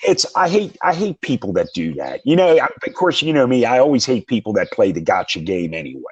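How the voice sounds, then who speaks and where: A man's voice: mid-range voice, sing-song, a little fast, husky, highs cut off. A man co-hosting a podcast in casual chat, blunt and profane. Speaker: podcast co-host.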